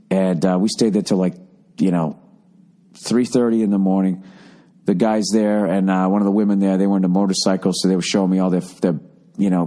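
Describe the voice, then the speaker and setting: A man in his forties with a Boston accent, rambling through a profane, animated story as a podcast host. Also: fairly low pitch. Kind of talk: casual rambling monologue.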